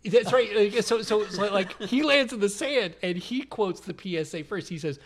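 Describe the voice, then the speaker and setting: On a laid-back podcast, this middle-aged co-host and trivia player speaks at normal speed in a high voice with lively intonation. His story rambles, and he keeps restarting it and fixing details along the way.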